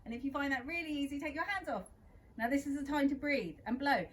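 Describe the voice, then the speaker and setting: A young woman leads a children's yoga session in a gentle, encouraging way. Her voice sits slightly high. A faint hum of background noise runs underneath. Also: fast. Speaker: kids yoga teacher. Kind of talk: guiding a children's yoga class.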